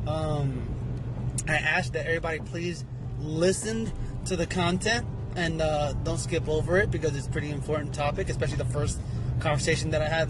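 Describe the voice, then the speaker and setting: A man's voice: fairly high pitch, a little fast, over music. A man hosting his podcast, giving a rambling, jokey intro with lots of fillers. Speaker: podcast host. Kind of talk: casual show intro.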